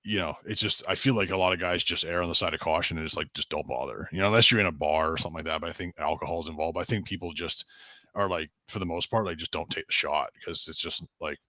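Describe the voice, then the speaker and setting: A man's voice: sits low, fast, dry recording, studio quality. A young adult man co-hosting a podcast in casual chat, rambling with lots of "you know" and acting out quoted greetings. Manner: rambling, many fillers like "you know", acts out quotes brightly. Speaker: podcast co-host.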